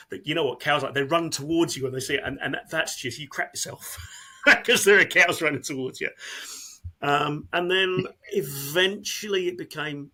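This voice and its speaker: A man in emergency service speaking candidly in an interview, earnest and halting, often repeating words as he talks. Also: fairly high pitch, a bit bright, breathy edge.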